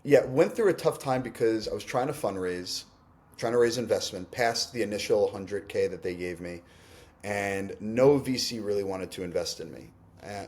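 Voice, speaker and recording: Candid low-voiced man in an interview. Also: a little mellow. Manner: candid and reflective, fast bursts with frequent restarts and "like". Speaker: company CEO, interview guest.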